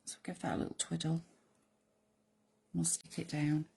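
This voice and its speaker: A woman with a slightly low, croaky voice leads a live card-making demonstration. She chats along in rambling asides to her viewers as she works. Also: flat delivery, normal speed, a little mellow, slight background noise. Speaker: crafting host.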